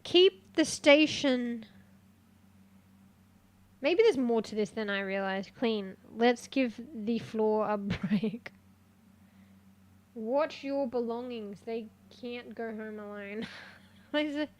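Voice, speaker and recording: Chatty, easily excited woman streamer. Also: fairly high pitch, slow, long pauses. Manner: jumps between quiet muttering and loud outbursts. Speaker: live streamer. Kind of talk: casual live-stream chat while exploring a game.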